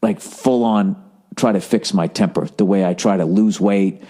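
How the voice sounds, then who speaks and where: A man's voice: deep voice, normal speed, dark tone. Profane, self-mocking man in his forties. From United States. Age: 40s. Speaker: podcast host, comedian. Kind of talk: casual storytelling rant.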